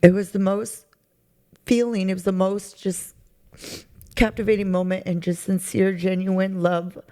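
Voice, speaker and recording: A woman sharing a heartfelt personal testimony, halting and searching for words with many fillers, audibly emotional. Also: mid-range voice, level tone, warm tone. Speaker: charity recipient sharing her testimony.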